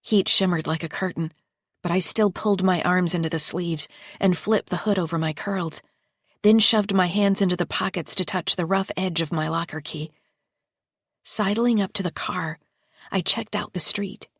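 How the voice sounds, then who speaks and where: Low-voiced woman reading a thriller. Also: fairly even intonation, moderate pace, husky, no room sound, clean studio sound. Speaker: audiobook narrator. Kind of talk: scripted narration.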